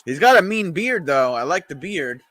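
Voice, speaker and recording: Man, live watch-along commentary, bright voice, offhand wisecracks, chats with viewers. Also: fairly high pitch, sing-song, moderate pace, no echo.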